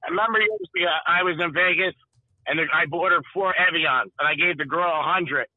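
A man's voice: on the high side, steady tone, no echo, narrow, tinny audio. A man hosting sports radio, telling wisecracking stories and quoting the people in them in casual banter. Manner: storytelling, wisecracking, quick to quote people.

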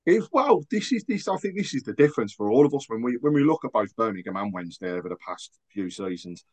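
A man's voice: medium pitch, big pitch swings, fast, darkish tone. Earnest man chatting as a guest. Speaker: podcast guest, football fan. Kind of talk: casual chat.

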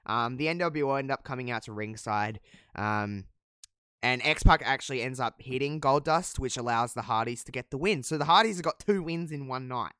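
Bright, crisp-voiced man chatting casually. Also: medium pitch, normal speed, dry recording, clean studio sound. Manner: chatty, profane, many fillers, laughs at own jokes. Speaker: podcast co-host recapping wrestling. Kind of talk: casual chat.

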